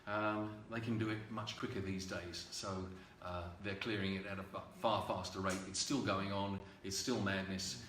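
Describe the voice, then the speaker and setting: A man, a singer-songwriter, telling a halting, unhurried story full of ums and uhs before a song at a livestreamed home concert. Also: low voice, steady tone, a bit bright, echoey room, distant mic, a little hiss or hum.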